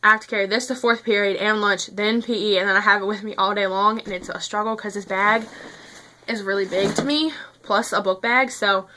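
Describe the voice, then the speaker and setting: A woman's voice: mid-range voice, sharp tone, slight background noise. A teenage girl chatting casually to camera as a vlogger, rambling with lots of fillers and a little out of breath. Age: teens.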